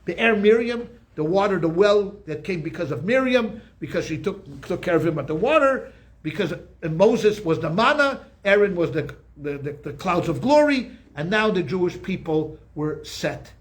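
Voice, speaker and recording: An older male rabbi with a notably high voice gives an informal Torah class. He tells the stories with animation, acts out the characters' words and often repeats himself as he talks. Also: moderate pace. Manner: animated storytelling, acts out quotes, frequent repetitions.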